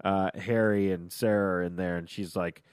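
A man co-hosting a podcast in casual chat, laughing often and acting out scenes in quick voices. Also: low-pitched, fairly even intonation, a little mellow, smooth, dry recording, clean studio sound. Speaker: podcast co-host.

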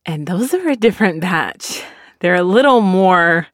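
Animated woman laughing through a story. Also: lowish voice, moderate pace, dry recording, clean studio sound. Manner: animated, laughing often, many "like" fillers. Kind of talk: casual storytelling.

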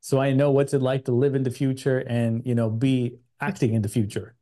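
A man with an American accent from Chicago, an energetic and enthusiastic podcast guest. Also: medium pitch, brisk. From United States. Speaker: guest, agency CEO. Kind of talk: podcast interview.

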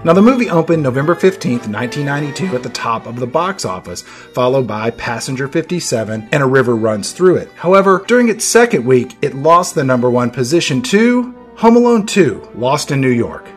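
A man's voice: mid-range voice, big pitch swings, brisk, hardly any pauses, soft background music. A man hosting a movie podcast, narrating scripted film history with playful, dramatic emphasis. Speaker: podcast host.

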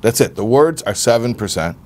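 A man's voice: mid-range voice, expressive, fairly quick. Guy teaching a laid-back class, chatty, keeps repeating words while he thinks, does little voices for quotes. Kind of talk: informal Torah class talk.

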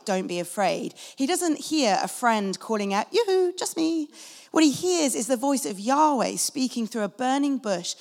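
Woman preaching in an echoing hall. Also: mid-range voice. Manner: earnest, conversational preaching with acted quotes. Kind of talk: sermon. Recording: long reverb of a large hall.

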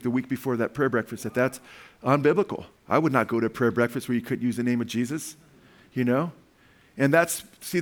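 An older man, a pastor, preaching a sermon built around family stories, chuckling often and calling out for amens. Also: mid-range voice. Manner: calls out for amens from the congregation. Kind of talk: sermon with personal anecdotes.

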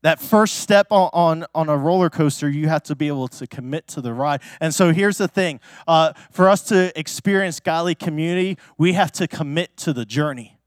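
A man's voice: on the high side, moderate pace, hardly any pauses, smooth, no room sound, studio quality. A male pastor preaching in a church in a casual, story-driven way, talking in a chatty manner full of fillers and restarts.

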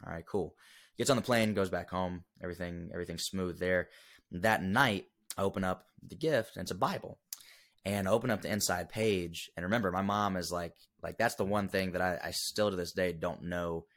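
A young man with a very low, deep voice tells a personal story as a podcast guest. He talks earnestly and emotionally, with plenty of fillers and restarts. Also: fairly quick, fairly bright tone. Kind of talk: casual storytelling interview.

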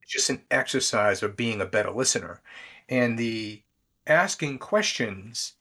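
A man's voice: medium pitch, lively intonation, measured pace, pushed and bright. A man appearing as a guest on an interview show, explaining leadership habits in an easygoing way with many fillers and restarts. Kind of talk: conversational interview.

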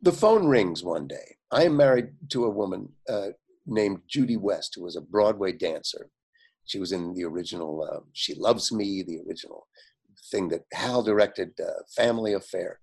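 An older man, a guest, telling anecdotes in an animated way, acting out other people's lines and often laughing. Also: low voice, moderate pace, gravelly, slightly rough. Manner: animated storyteller, quotes others in lively voices, frequent fillers and laughs. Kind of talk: anecdotal storytelling.

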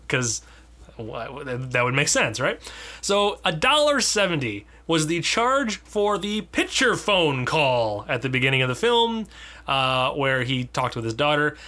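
A man's voice: fairly high pitch, pushed and bright. A man co-hosting a casual film review podcast, joking, laughing often and restarting his sentences. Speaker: podcast co-host. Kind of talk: casual chat.

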